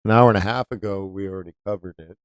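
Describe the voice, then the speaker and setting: A man's voice: low-pitched, fairly even intonation, quick pace, smooth, no echo. A man hosting a live-stream trading lesson, chatty, often asking viewers rhetorical questions. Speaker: trading educator.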